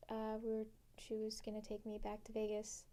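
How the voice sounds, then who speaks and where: A woman's voice: mid-range voice, completely flat delivery, fairly quick, warm tone. A young woman telling a personal story in a casual, rambling way, full of fillers and freely swearing. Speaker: interviewee.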